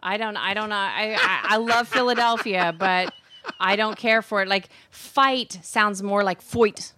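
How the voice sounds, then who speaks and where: A woman's voice: mid-range voice, a little slow, background noise. A woman co-hosting a radio show, playful and teasing as she reads through a list. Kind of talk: casual comedic radio banter.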